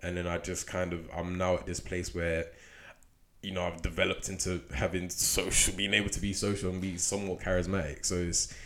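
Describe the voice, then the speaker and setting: Deep-voiced young man, bright and lively. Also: a little fast, slight background noise. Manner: relaxed, self-deprecating, laughs a lot. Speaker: podcast host. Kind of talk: casual podcast chat.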